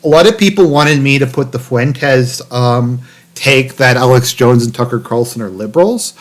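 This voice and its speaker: A man's voice: mid-range voice, normal speed. Sarcastic man rambling on a livestream. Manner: sarcastic, rambling with many fillers and restarts. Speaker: political commentary streamer. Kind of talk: livestream commentary reading an article aloud.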